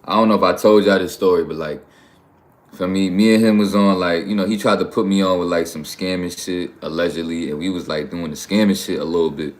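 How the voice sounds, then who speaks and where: A man's voice: low voice, fairly even intonation, brisk. A man from New York hosting a livestream, talking bluntly and profanely in a rambling, casual way. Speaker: livestream host.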